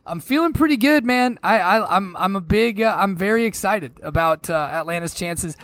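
A man's voice: high voice, animated, normal speed, a bit bright, dry recording. A man co-hosting a podcast, chatting casually and animatedly about basketball predictions, laughing easily and swearing now and then. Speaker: podcast co-host. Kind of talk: casual sports chat.

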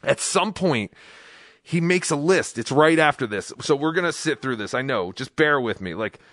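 A man with a mid-pitched voice and a dry, close sound, chatting loosely as he reacts to a clip. He talks wryly, with plenty of "like" and offhand asides. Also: lively intonation, normal speed, a bit bright, no room sound. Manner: chatty, wry, lots of "like". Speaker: podcast host. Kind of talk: casual commentary on a clip.

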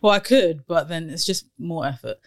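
A woman's voice: low-pitched, moderate pace. A young woman hosting a podcast in casual chat, laughing often and drifting onto tangents. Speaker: podcast host.

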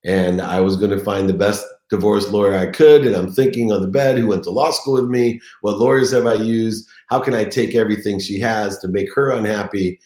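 A man's voice: on the low side, a little fast, hardly any pauses, darkish tone. A middle-aged man telling his own story as a motivational speaker, earnest and emotional. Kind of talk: confessional motivational speech. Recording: echoey room.

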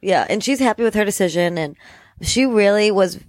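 A young woman co-hosting a podcast in casual chat, blunt and chatty and quick to laugh. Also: mid-range voice, expressive, no echo. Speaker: podcast co-host.

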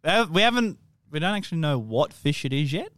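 A man's voice: a little high, big pitch swings, a little fast, a bit bright, no echo, clean studio sound. A man with an Australian accent chatting casually as a podcast co-host, laid-back and swearing freely. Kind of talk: casual chat.

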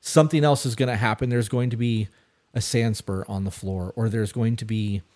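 A man's voice: lowish voice, fairly even intonation, moderate pace, a little mellow. Blunt, profane man co-hosting a podcast. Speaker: podcast co-host. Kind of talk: casual advice talk.

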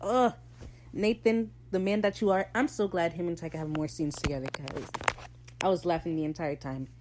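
A woman hosting a podcast, recapping a TV episode in casual, opinionated talk and slipping into quick character voices. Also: lowish voice, a little mellow, slight background noise, poor audio. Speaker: podcast host.

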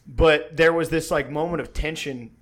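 A man's voice: fairly high pitch, fairly even intonation, moderate pace. A man telling a rambling, profane story in casual chat, acting out his own quotes along the way.

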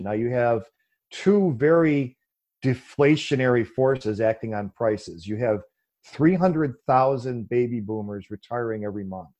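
A guest explaining economics responds to an interview question at length, talking conversationally with plenty of fillers. He's animated, sometimes mocking other viewpoints by quoting them in a higher-pitched voice.

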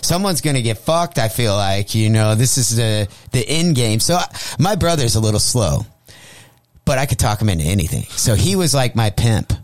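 A male comedian from St. Louis telling a crude story on a radio show, profane and animated, acting out the voices in his tale. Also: mid-range voice, moderate pace, no room sound. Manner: profane, animated, acts out quotes. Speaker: comedian guest.

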